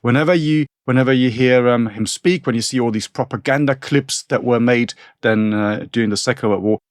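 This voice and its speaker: A man's voice: mid-range voice, fairly quick, dry recording, studio quality. A man, a podcast co-host chatting casually about history in a rambling way with frequent restarts. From northern Germany. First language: German. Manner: rambling, many restarts and asides.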